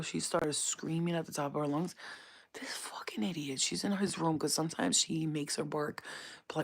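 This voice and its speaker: A woman chatting casually on a live stream from her home at night, full of slang and swearing, slipping into cooing baby talk for her dog. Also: deep voice. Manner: profane, slangy street talk.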